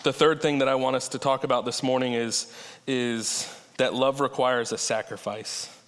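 A man delivers a sermon in an easy, conversational way, drawing out the words he wants to land. His voice is bright and forceful. The long reverb of a large church sanctuary trails behind every phrase. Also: mid-range voice, steady tone. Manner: conversational, slows down to stress key points. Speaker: preacher.

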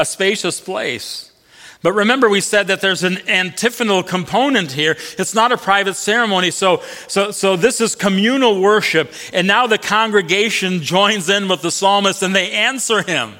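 A man preaching a sermon as pastor, animated, swinging from loud emphatic peaks to soft low asides. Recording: long reverb of a large hall.

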